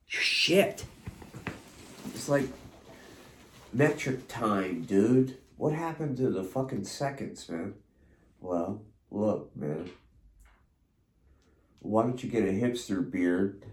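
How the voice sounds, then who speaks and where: A man's voice: lowish voice, slow pace, long pauses, echoey room. A man in a disoriented drugged state, rambling profanely in a disjointed stream of consciousness, veering between mumbles and anguished cries. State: disoriented, under the influence of a drug. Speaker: podcast host recording his own treatment session.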